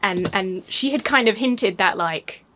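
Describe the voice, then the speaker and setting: An English woman talks straight to her viewers in a loose, chatty vlog. She gushes with excitement, her voice jumps up high, and she piles on fillers and restarts as she goes. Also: unhurried. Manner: gushing and excitable, with many fillers. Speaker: YouTuber. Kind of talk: casual chat.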